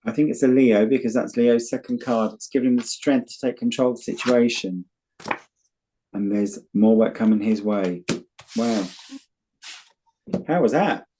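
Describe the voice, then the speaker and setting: British male tarot reader, mid pitch, chatty and blunt. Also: moderate pace, long pauses, warm tone, slight background noise. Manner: chatty storyteller, earthy and blunt. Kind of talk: casual chat and tarot reading.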